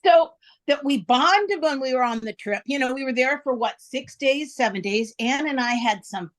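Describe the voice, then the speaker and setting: A woman's voice: sits high, lively intonation, moderate pace. A woman hosting her own podcast, chatty and laughing often as she tells a story, with frequent restarts. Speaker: podcast host. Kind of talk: casual podcast introduction.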